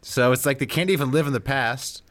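A man's voice: medium pitch, fairly quick, fairly bright tone. A man co-hosting a podcast, trading sarcastic, jokey banter about sports teams. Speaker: podcast co-host.

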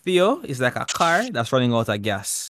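A man's voice: mid-range voice, very animated, normal speed, fairly bright tone, slight background noise. A man co-hosting a casual podcast, joking and teasing his friends. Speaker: podcast co-host. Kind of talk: casual chat.

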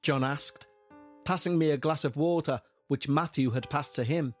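A man's voice: fairly high pitch, normal speed, soft background music. A man narrating a first-person paranormal story in a scripted, tense delivery.

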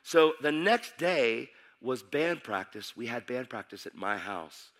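Bright voiced guy preaching, tells his story super animated, goes quiet then loud. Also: medium pitch, a little slow. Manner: animated, emphatic, acts out voices, swings from hushed to shouting. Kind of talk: sermon testimony storytelling.

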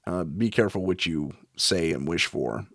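A man's voice: sits low, normal speed, fairly bright tone, no room sound, studio quality. A middle-aged man, a paranormal investigator, recounting a ghost investigation in a wry, chuckling way.

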